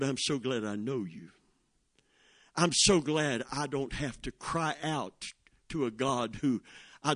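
A man's voice: fairly high pitch, dry recording, studio quality. A middle-aged man preaching a sermon, telling a story and calling to the congregation for amens. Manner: preaching storytelling with call-and-response. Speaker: pastor.

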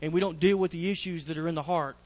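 High-voiced fervent preacher man. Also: fairly even intonation, quick pace, darkish tone. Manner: fervent, repeats phrases for emphasis. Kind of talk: sermon. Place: church.

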